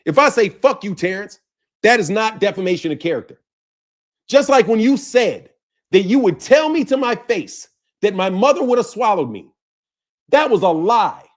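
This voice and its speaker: A man hosting a boxing channel, ranting in heated, profane, confrontational bursts and repeating himself as he calls someone out. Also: very high voice. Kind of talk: ranting commentary to camera.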